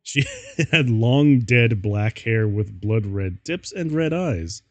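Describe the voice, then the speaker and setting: On a stream, a man reads fan fiction aloud as a casual comedic reading, often giggling and breaking up with laughter. His mid-range voice is animated but slow, and the recording has no echo.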